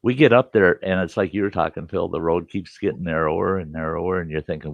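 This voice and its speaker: A man hosting a storytelling show, telling a rambling, folksy, animated tale and swearing casually as he goes. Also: deep voice, quick pace, gravelly, no room sound, dull audio. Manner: animated, folksy, swears casually, chuckles through his tales. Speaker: podcast host.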